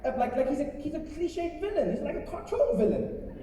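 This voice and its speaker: A man performing a stand-up comedy set to a live crowd, animated and slipping into quick voice impressions. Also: extremely high pitch. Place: large live comedy venue. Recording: echoey arena, far from mic, audience noise.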